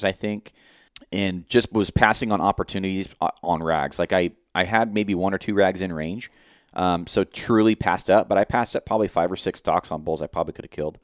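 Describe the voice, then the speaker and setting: A man with a low, smooth, resonant voice recounts a hunt to his podcast co-host in relaxed chat. He swears freely and acts out his own inner thoughts. The sound is close and dry. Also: dry recording. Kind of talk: casual hunting story.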